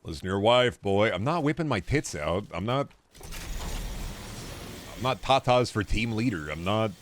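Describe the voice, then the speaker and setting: A man's voice: lowish voice, lively intonation, normal speed, a little hiss or hum. A man streaming a game with casual, sarcastic joking commentary.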